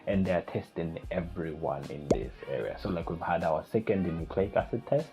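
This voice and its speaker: A young man vlogging, retelling a night of panic in a casual, animated storytelling way. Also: low-pitched, moderate pace. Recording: slightly dull lo-fi recording with faint music.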